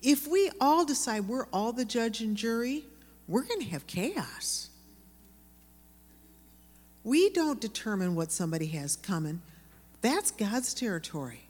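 A woman teaching a sermon to women, with earnest, lively storytelling. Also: on the high side, a little slow, long pauses, in a large hall.

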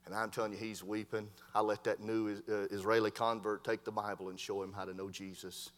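A man preaching a sermon as a Baptist preacher, telling stories with lively voiced dialogue. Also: on the low side, brisk. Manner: storytelling preacher, animated voices in quoted dialogue. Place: church hall. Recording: long hall reverb from a church sanctuary.

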